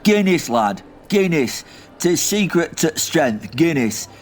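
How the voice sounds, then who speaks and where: A man plays a muddled old soldier from Lancashire who rambles, cusses and drifts off topic in thick dialect. The voice sits a touch high for a man, with a faint hiss of noise underneath. This is a comic audio drama, where he is always half lost in his memories. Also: big pitch swings, takes it slowly. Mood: rambling. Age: older. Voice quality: gruff dialect-heavy rambling, confused and crude. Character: rambling crude old male war veteran.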